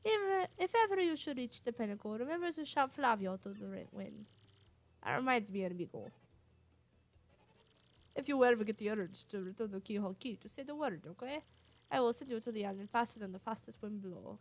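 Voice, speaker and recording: A woman's voice: on the high side, expressive, fairly quick. A woman voicing a vain, boastful adult male showman with a put-on Spanish-flavored accent, speaking grandly and theatrically.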